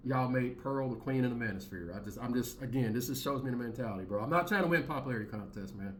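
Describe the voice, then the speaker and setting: A man's voice: mid-range voice, fast talker, a bit bright. A man in his thirties hosting his own commentary channel, talking in a blunt, heated, slangy rant and repeating his points.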